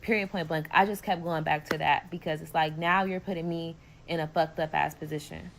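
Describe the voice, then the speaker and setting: A woman's voice: sits low, fairly quick, vocal fry, a little hiss or hum. A woman with a Bay Area accent telling a story in a casual vlog, swearing freely and acting out what people said. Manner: animated, swearing, slangy, acts out quotes.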